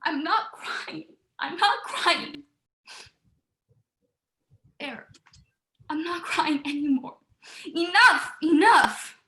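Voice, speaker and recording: A woman's voice: high voice, animated, drawn-out words, pauses often, bright, forceful tone, echoey room, exaggerated voice. A young actress playing a despairing young woman, weary of her life, speaking in anguished, repeating words. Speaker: student actor. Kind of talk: stage drama monologue.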